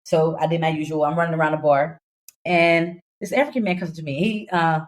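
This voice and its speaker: Young woman on a podcast rattling off a story, lowish voice, acts out the people in it. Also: fairly quick. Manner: animated, laughing, acts out voices in her story. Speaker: podcast co-host. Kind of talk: casual storytelling chat.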